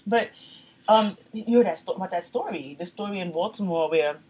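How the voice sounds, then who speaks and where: A woman co-hosting a casual podcast, talking fast and spilling one story into the next. Her voice is husky and sits a little low, and she acts out the quotes as she goes. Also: darkish tone, low-quality recording. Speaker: podcast co-host. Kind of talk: casual chat.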